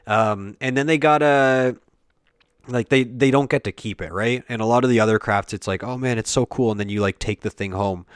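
A man's voice: on the low side, smooth, no echo, clean studio sound. A young man talking casually and at length, rambling with many fillers and self-corrections. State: has the hiccups. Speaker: speaker recounting a family kids' camp.

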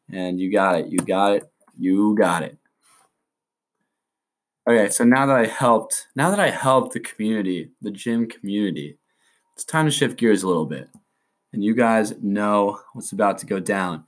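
A young man hosting a casual solo podcast, rambling in hyped surfer slang. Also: lowish voice. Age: young adult. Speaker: podcast host.

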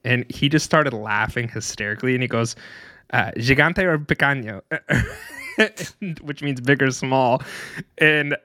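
In casual podcast banter, a young male co-host spins meandering stories and laughs frequently. He speaks at medium pitch and a moderate pace with a steady, bright, forceful tone, captured in clean studio audio with no echo.

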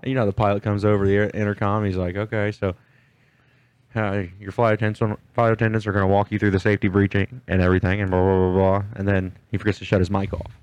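Laid back dude telling jokes on a podcast, lowish voice, dry mic. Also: male voice, level tone, fast talker, a little mellow, clean tone, dry recording, lo-fi sound. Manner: laid-back, swears casually, tells jokes. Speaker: podcast co-host. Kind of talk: casual chat, joke telling.

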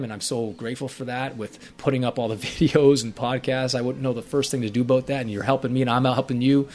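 Guy hosting a podcast, life coach type, earnest and heartfelt, bit rambly, spiritual vibe. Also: medium pitch. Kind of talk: casual podcast talk.

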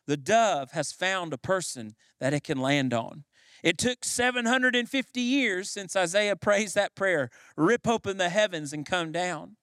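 A man with a notably high voice delivers a sermon as a pastor. He builds his points through repetition and rising emphasis. The sound is close and dry, with no room around it. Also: fairly bright tone, dry recording.

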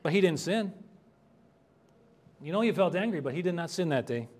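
A man's voice: fairly high pitch, animated, moderate pace, darkish tone. A man preaching an expository sermon as pastor, earnest and conversational, rising in emphasis on key points. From United States.

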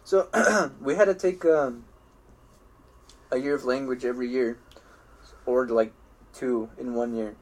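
A young man spins long, looping stories from his school days in a relaxed podcast chat. He keeps starting his sentences over and swears freely. He often breaks into laughter at his own tales. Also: medium pitch, unhurried, pauses often. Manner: rambling storytelling with frequent restarts and swearing. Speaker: podcast co-host. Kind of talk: casual chat.

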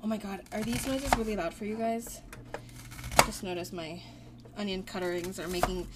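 A woman's voice: medium pitch, fairly even intonation, moderate pace. A young woman co-hosting a cooking podcast, chatting casually and dramatically in her home kitchen. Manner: chatty, dramatic, prone to playful complaining. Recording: noisy home kitchen recording.

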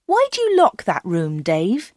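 An eager young village shop girl, her voice jumping high with excitement, as a woman reading the storybook puts her on. The voice swings widely in pitch and sounds close and dry. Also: a little slow, no echo. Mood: curious.

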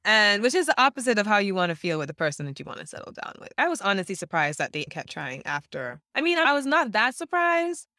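Woman podcast co-host, bright voice, dry close sound, blunt and animated with laughs. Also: medium pitch, fast, hardly any pauses, no room sound. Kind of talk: casual chat.

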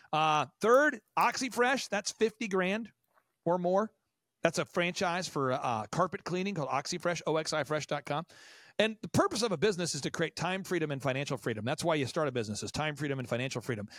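An American man in his forties, talking fast and animatedly as he gives business advice. His voice sits a bit high for a man and is recorded very dry, with no room sound behind it. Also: no echo. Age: 40s. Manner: animated, acts out quoted voices. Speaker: podcast guest. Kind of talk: enthusiastic business advice talk.

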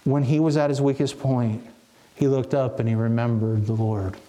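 A man's voice: mid-range voice, flat delivery, moderate pace, dark tone. A man preaching a sermon in an earnest, reflective way, often restarting his phrases.

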